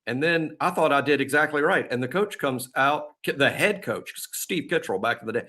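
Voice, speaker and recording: A man's voice: fairly high pitch, lively intonation, a little fast, few pauses, bright, forceful tone. A man co-hosting a sports podcast, telling stories and making picks in a rambling way, full of fillers and laughs. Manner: rambling, laughs often, many fillers and restarts. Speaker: podcast co-host. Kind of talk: casual sports chat.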